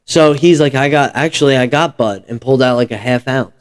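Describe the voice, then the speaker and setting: A man's voice: mid-range voice, brisk, clear, resonant tone. A young man in his twenties hosting a podcast, telling profane, rambling anecdotes in casual chat. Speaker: podcast host.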